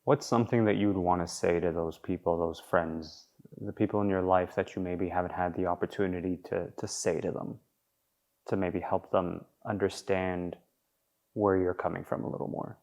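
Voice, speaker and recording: A man hosting a podcast, asking gentle, probing questions and giving short affirmations. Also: deep voice, fairly even intonation, normal speed. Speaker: podcast host. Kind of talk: interview questions.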